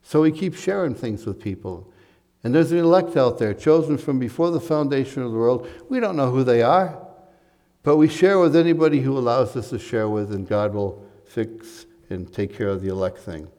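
A man's voice: mid-range voice, animated, moderate pace, warm tone. A man preaching a sermon, earnest and building to emphatic points, with conversational asides. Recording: long hall reverb.

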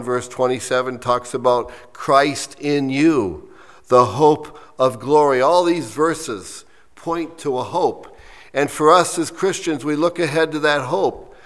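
A man preaching a sermon, his voice sitting at an ordinary middle pitch. He reads quoted lines slowly and with weight, then drops to soft explanatory asides. The sound carries a long reverb, as in a church hall. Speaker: pastor.

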